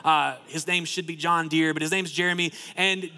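A man's voice: fairly high pitch, steady tone, normal speed, bright, forceful tone, clear, resonant tone. A man preaching a sermon in a church, in a conversational style that fills with "like" and repeats words. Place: church sanctuary. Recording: long hall reverb.

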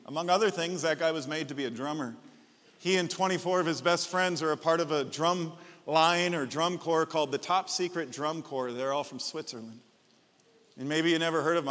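A man preaching a sermon as pastor, enthusiastic and bursting into loud shouts. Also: fairly high pitch, big-room sound.

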